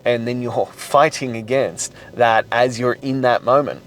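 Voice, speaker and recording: A man of middle pitch delivers a motivational podcast monologue in an intense, profane, emphatic manner. He drives his points home with repetition and blunt language. A faint hum sits behind the voice. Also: measured pace, poor audio. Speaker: podcast host.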